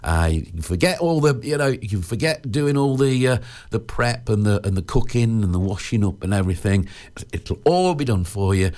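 A man's voice: on the low side, expressive, moderate pace, darkish tone. A man presenting a local radio show in casual, rambling chat, full of 'uh' fillers and restarts, joking and laughing at his own asides. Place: radio studio.

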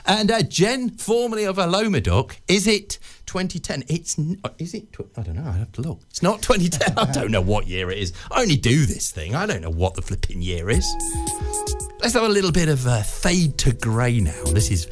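A man's voice: fairly high pitch, sing-song, a little fast, soft background music. A man presenting a radio show, chatting casually and jokily between songs, rambling with fillers and little laughs.

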